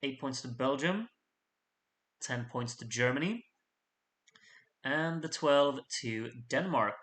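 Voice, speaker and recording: A man's voice: medium pitch, lively intonation, takes it slowly, a bit bright. A man in a mid-range voice runs through a fan contest's votes, country by country. He keeps things loose and chatty, teasing the voters and joking with his audience between the points. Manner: chatty, jokey asides to the audience. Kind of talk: casual live voting commentary.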